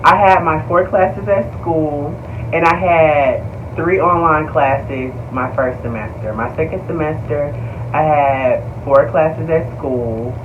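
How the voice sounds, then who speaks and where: A young man tells his story straight to his viewers, animated and slangy, peppered with swearing and y'all. His voice sits high. The mic is a bit far off, with faint noise behind him. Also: slow pace, phone-quality sound. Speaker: vlogger. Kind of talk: casual storytime vlog.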